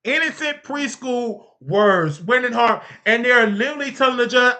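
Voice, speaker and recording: A commentary host talking on a live stream, emphatic and repetitive, with big swings in pitch and loudness. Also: expressive, normal speed, few pauses.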